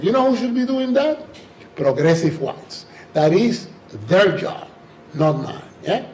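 Animated man with an accent in an echoey hall. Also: high-pitched, a little slow, slight background noise. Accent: Spanish-speaking. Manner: animated, acts out dialogue. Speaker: guest speaker. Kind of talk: lecture Q and A answer. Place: lecture hall. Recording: echoey hall, mic from far off.

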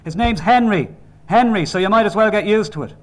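A man's voice: on the high side, quick pace, voice pushed up, close to an everyday voice. A man playing a grieving, angry father in an audiobook. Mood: furious shouting. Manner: pleading then shouting.

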